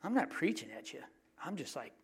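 Middle-aged pastor guy preaching, chatty and jokey, slightly high voice, goes quiet for asides. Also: very animated, fairly quick, vocal fry, breathy edge. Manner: conversational, joking, drops to hushed asides. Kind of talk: sermon.

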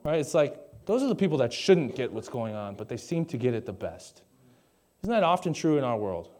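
Young guy preaching, chatty and jokey, keeps asking the crowd stuff, normal pitch. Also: sing-song, brisk, darkish tone. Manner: conversational, jokey asides, asks the audience questions. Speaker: pastor. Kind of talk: sermon.

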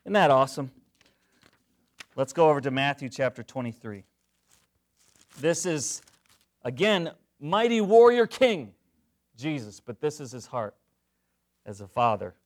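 A middle-aged man preaching a sermon, jokey and animated, swinging from loud to hushed. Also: medium pitch, unhurried, pauses often. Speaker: pastor.

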